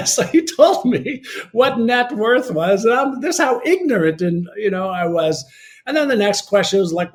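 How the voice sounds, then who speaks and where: A man from Canada telling a candid personal story as an interview guest, animated and full of fillers. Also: high-pitched, moderate pace. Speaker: podcast guest.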